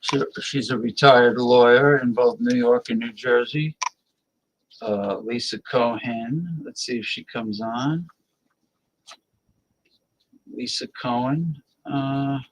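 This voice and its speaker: A man's voice: medium pitch, slow pace, pauses often, slight background noise, rough recording. A man hosting a live-stream talk show, rambling casually and muttering to himself as he invites guests.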